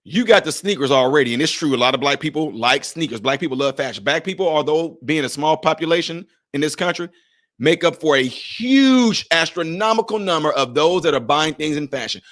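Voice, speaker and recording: A man's voice: fairly high pitch, lively intonation, fairly quick, fairly bright tone. A man giving emphatic, conversational commentary in a vlog, speaking directly to his viewers.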